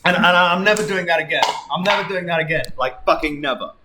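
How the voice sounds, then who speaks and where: A male streamer reading fan fiction aloud on a live stream in an animated, sweary way, his voice hoarse from hours of reading. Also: a little high, fast talker, noisy background. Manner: animated, sweary, exaggerated delivery.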